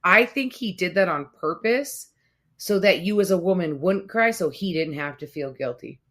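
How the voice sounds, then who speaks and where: A woman with a lowish voice talks through a casual podcast conversation. She tells her stories in an animated way and often jumps up in pitch to act out what others said. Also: moderate pace. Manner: animated storytelling, acts out quotes in raised voice. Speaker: podcast co-host.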